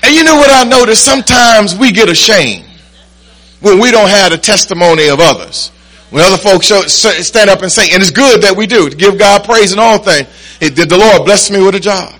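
A man preaching a sermon with call-and-response to his congregation, rising from quiet stretches into shouts. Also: high voice, normal speed, poor audio. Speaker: pastor.

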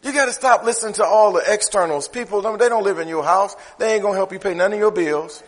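A man's voice: sits high, fast talker, long reverb tail. A man preaching a sermon, talking conversationally and firing off rhetorical questions. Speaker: pastor.

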